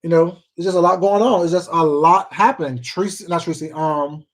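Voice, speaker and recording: With a steady, mid-range voice moving a little fast, a livestream host chats casually and reads comments from viewers. Expect rambling gossip laced with swearing, repeats and fillers, plus endearments like baby and sweetheart.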